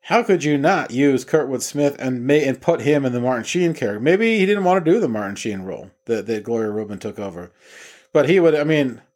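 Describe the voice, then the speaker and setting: A man's voice: mid-range voice, darkish tone. Rambling, casually profane male film reviewer. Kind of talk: casual movie comparison review.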